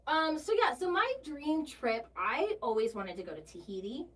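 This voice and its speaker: A woman's voice: high voice, sing-song, normal speed, fairly bright tone. A woman co-hosting a casual travel chat at home, chatty and teasing, with lots of fillers. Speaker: podcast co-host. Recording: distant mic with faint noise.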